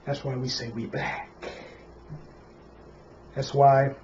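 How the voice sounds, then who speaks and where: A man's voice: mid-range voice, flat delivery, slow pace, darkish tone, lo-fi sound, slight background noise. A man teaching a Sabbath Bible class in a preachy way, often saying "Praise Yah" and asking rhetorical questions.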